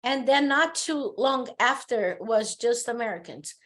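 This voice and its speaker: A middle-aged woman, Portuguese her first language, speaks English with a Brazilian accent. Her voice sits fairly high, and she tells animated personal anecdotes in a relaxed podcast chat. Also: a little slow. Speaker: podcast guest. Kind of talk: casual conversation.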